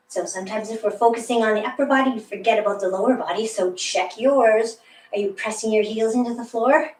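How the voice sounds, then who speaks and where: A woman's voice: on the high side, normal speed, recorded from a distance, slight background noise. A woman leading a ball workout class, cueing each move in a chatty, encouraging way with joking asides. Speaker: fitness instructor. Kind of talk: live workout instruction. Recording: echoey room, voice from the mic.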